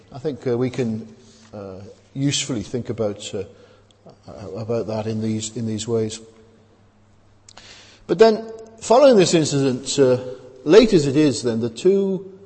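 A man's voice: mid-range voice, darkish tone. Man preaching in a reverberant hall. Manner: conversational, rhetorical questions, frequent hesitations. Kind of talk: sermon.

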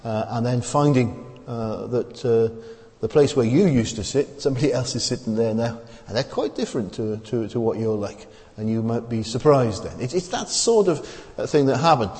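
A man preaching a sermon in a conversational way, pausing often with fillers and restarts. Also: medium pitch, animated, a little mellow. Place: church. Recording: long reverb of a church hall.

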